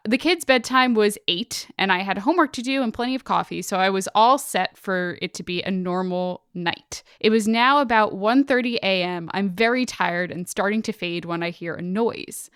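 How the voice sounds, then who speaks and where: Animated woman reading a spooky story. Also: medium pitch, normal speed, hardly any pauses, clean tone, no echo, studio quality. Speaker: podcast co-host reading a listener story. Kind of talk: casual storytelling chat.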